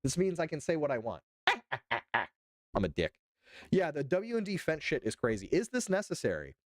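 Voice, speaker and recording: A man's voice: fairly high pitch, wildly swooping pitch, normal speed, no echo, studio quality. A man hosting a livestream, reading news aloud and commenting in a sarcastic, profane way with bursts of mock outrage. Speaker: livestream host.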